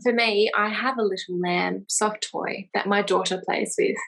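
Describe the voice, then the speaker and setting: A young adult woman co-hosting a podcast, relaxed and wry, reading quotes aloud in casual chat. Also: medium pitch, normal speed, creaky. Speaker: podcast co-host.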